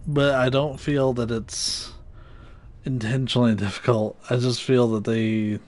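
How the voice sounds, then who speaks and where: A man's voice: mid-range voice, fairly even intonation, unhurried, a little mellow. A man with a nasal voice, casually talking through a game he is streaming live, loose and profane. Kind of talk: live gameplay commentary.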